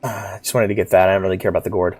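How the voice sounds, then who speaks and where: A streamer with a cough, chatting casually over live gameplay and shouting at the little on-screen character. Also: low voice, very fast, breathy edge, faint music behind. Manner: animated, yelps and shouts at the game character. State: sick, coughing. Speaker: VTuber game streamer.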